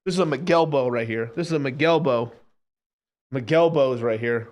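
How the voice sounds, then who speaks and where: A man with a mid-range, slightly mellow voice talks fairly quickly while hosting a crypto livestream. He rants in an unfiltered, casual way, swearing emphatically, repeating phrases and mocking others. He is Mexican.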